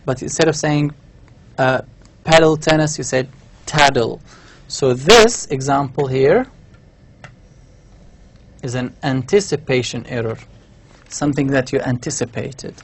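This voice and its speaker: Slow, patient man lecturing. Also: mid-range voice, slight background noise. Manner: explains step by step, often checks with "all right?"; writes on a board while talking. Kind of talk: university lecture.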